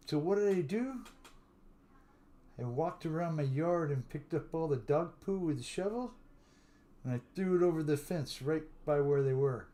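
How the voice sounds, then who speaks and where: A man's voice: a little high, mellow. An older man hosting a live stream, telling stories in a casual, drawling way and greeting viewers by name. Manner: chatty storyteller who greets viewers by name; drawling, unhurried talk.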